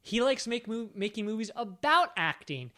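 A man with a notably high voice hosts a casual film discussion. He talks with animated energy, jumping in to act out movie moments as he retells them. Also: moderate pace. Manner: animated, acts out movie scenes while retelling. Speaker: podcast host.

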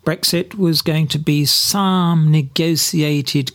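A man's voice: a little high, steady tone, slow. A man from Britain giving spoken political commentary, sardonic in tone, mocking opponents through quoted voices, with some slips and repeated words.

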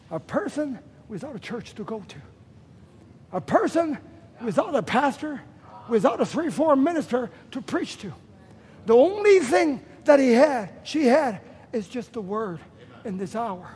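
High-voiced man preaching emphatically. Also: sing-song, measured pace, pauses often. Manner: emphatic preaching with sudden loud bursts; repeats phrases for stress. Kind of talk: sermon.

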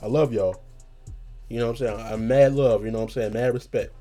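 A man's voice: medium pitch, fairly even intonation, a little fast, warm tone. A young man hosting a casual podcast, talking in loose slang and cursing freely. He rambles and trails off hunting for the right word, his voice in a middle range for a man. Faint music plays behind him. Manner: rambling, slangy, swears a lot, trails off searching for words. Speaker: podcast host.

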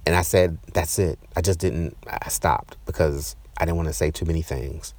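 Deep-voiced man telling an intense story. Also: steady tone, darkish tone, dry recording. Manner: intense, emotional, halting with repeats. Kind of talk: personal storytelling.

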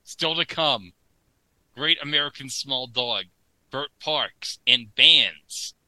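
Bright, dry-voiced joking man. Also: medium pitch, slow pace, dry recording, rough recording. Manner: jokey, puts on silly announcer voices. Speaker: podcast co-host. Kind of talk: casual comedic commentary.

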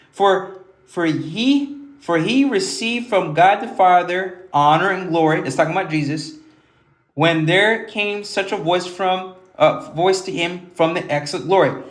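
A man's voice: fairly high pitch, reverberant. A man giving informal Bible teaching, reading verses aloud and explaining them conversationally, often repeating words as he goes. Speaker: preacher.

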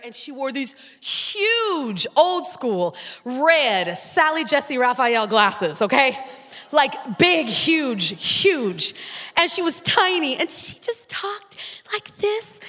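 A woman pastor preaching a sermon, telling a story with dramatic, animated delivery. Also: high-pitched. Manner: animated, dramatic retelling with acted-out prayers and voices. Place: church sanctuary. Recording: long church reverb.

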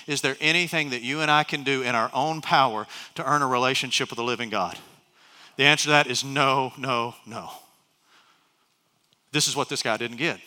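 A man's voice: medium pitch, pushed and bright, long reverb tail. A middle-aged man preaching a sermon as pastor, telling stories with many restarts and asides. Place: large church hall.

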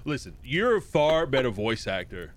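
A man's voice: medium pitch, big pitch swings, moderate pace. A man co-hosting a casual chat, joking, arguing and swearing a lot. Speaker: podcast co-host and tabletop player.

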